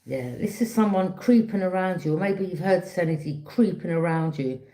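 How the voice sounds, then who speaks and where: A woman giving a casual, chatty tarot reading, often checking in with a quick "yeah?". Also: fairly low pitch, expressive, dark tone. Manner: chatty, repeats herself, frequent "yeah?" check-ins. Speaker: tarot reader. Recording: roomy echo.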